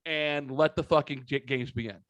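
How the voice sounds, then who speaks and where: Profane, animated male podcast host. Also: medium pitch, normal speed, muffled recording, very noisy. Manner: profane, animated storyteller acting out quotes. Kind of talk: casual storytelling.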